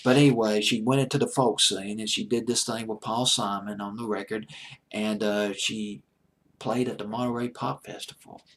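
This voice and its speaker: Husky, rambling late-night deejay man. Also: on the low side, fairly even intonation, normal speed. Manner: enthusiastic, rambling, drops to a hushed near-whisper when gushing. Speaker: deejay host. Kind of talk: late-night music commentary.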